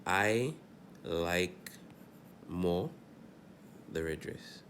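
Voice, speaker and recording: Male language teacher, low voice, patient classroom explainer, faint hiss behind. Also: extremely slow, a bit bright. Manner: checks in often with "all right?", repeats examples. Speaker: Spanish teacher. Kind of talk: classroom grammar lesson.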